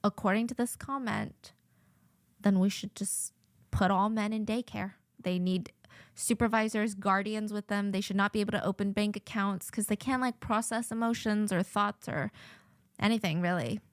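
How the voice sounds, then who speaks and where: A woman's voice: mid-range voice, fairly even intonation, normal speed, no room sound, studio quality. A woman hosting a true-crime commentary, retelling a court hearing in an indignant, conversational way. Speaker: host.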